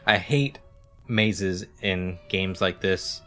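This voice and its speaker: A man's voice: deep voice, extremely slow, fairly bright tone, faint music behind. A man streaming a game live, commenting wryly and reading the on-screen text aloud. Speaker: gaming streamer.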